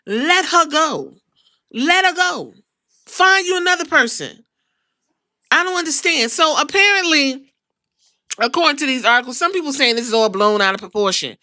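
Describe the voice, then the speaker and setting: A woman hosting a podcast, ranting in casual commentary with an incredulous, profane, animated manner. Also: high voice, no room sound, clean studio sound. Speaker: podcast host.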